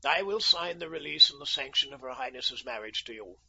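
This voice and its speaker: A man voicing a proud, testy, wounded king who turns shrill when angered, on a dull lo-fi recording. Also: expressive, a little fast, creaky, sharp tone, husky, full character voice. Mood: outraged. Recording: dull lo-fi audio.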